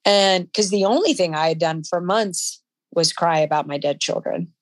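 A woman guest in an interview, telling a personal story in a halting, emotional way with frequent restarts. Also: on the low side, no echo.

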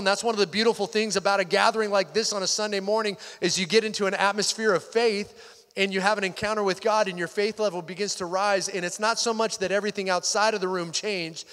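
A pastor preaches his Sunday sermon in a high, bright, forceful voice, keeping it conversational yet falling to a near-whisper when things turn intimate. The recording carries the reverb of the church sanctuary.

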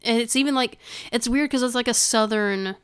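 A woman co-hosting a casual podcast chat, talking in an animated way and laughing often. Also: on the high side, normal speed. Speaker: podcast co-host. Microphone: studio microphone.

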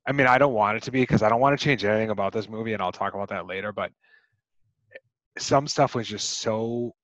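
A man's voice: fairly low pitch, fast talker, fairly bright tone, no room sound, highs cut off. A man co-hosting a podcast, chatting casually about a movie, rambling with many restarts and fillers. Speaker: podcast co-host.

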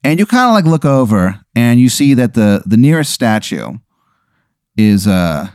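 A man hosting a podcast, spinning an improvised comic story in a loose, animated way, full of "like" and swearing. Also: mid-range voice, a little slow, clean tone, no echo, clean studio sound. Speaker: podcast host.

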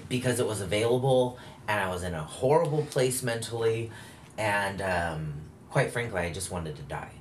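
A man with a very deep, low voice talks through a personal story in loose, candid conversation, circling back and correcting himself as he goes. A faint hiss sits under the recording. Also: animated, normal speed. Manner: rambling, self-correcting storytelling with frequent fillers. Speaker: guest telling his story.

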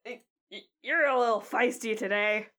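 A woman narrating a tabletop game as game master, halting with many restarts, admitting her tone sounds flat. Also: a little high.

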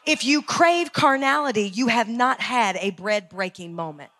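A woman pastor delivers a fiery sermon from the pulpit in a high, ringing voice. Her tone is bright and sharp, and she hammers her points home by repeating lines with mounting force. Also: expressive, normal speed. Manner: preaching with rising intensity, repeating phrases for emphasis. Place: church sanctuary.

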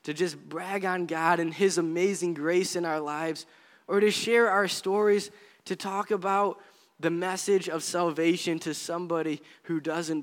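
A man delivers a sermon to his congregation with an earnest, conversational manner. His voice sits a little higher than most men's. The sound carries a long reverb, as in a church hall. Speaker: pastor.

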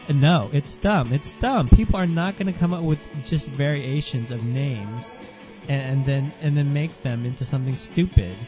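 A man's voice: fairly high pitch, moderate pace, warm tone, faint music behind. A man hosting a solo podcast rant, sarcastic and dismissive, and sounding a bit under the weather. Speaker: podcast host.

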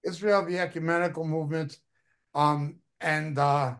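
A man speaking as a guest in a casual discussion, measured and matter-of-fact. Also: fairly high pitch, steady tone, fairly bright tone, clean tone. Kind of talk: casual chat.

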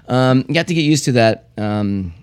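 A man co-hosting a casual drinking chat, rambling and halting, laughing often. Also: medium pitch, expressive, darkish tone, smooth. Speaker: co-host.

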